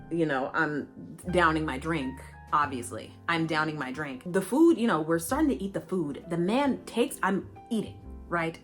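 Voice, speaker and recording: A young woman with a slightly low voice tells a rambling story in a casual, animated way, full of fillers and playful asides to her viewers. Faint music plays softly behind her. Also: moderate pace. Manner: chatty rambling with many fillers. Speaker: beauty vlogger. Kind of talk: casual storytelling while doing makeup. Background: faint background music.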